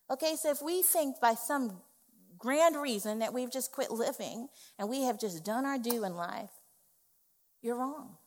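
Woman preacher, fairly high voice, emphatic conversational sermon delivery, church hall reverb. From West Indies family. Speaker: executive pastor. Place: church sanctuary.

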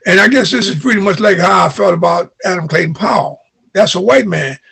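An older man tells his memories as an interview guest. He acts out the dialogue as he goes. His voice is high-pitched, deeply gravelly and raspy. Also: brisk. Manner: animated retelling with quoted dialogue. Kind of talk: storytelling in an interview.

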